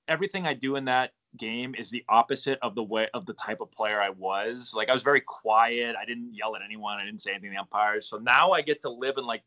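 A middle-aged man from Massachusetts with a softened Boston accent, chatting casually as a podcast guest, easygoing and rambling with lots of fillers. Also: mid-range voice, dull audio. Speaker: podcast guest, former ballplayer and coach. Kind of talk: casual interview chat.

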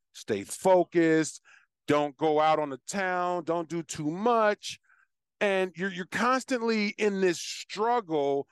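A man casually telling a long personal story as host, with animated asides and frequent restarts. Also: high-pitched, clean tone, no room sound, clean studio sound. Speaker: podcast host.

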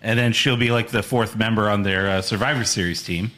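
A man's voice: fairly low pitch, steady tone, a little fast, sharp tone. A man co-hosting a wrestling podcast, chiming in with short replies and dry asides. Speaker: podcast co-host. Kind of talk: casual chat.

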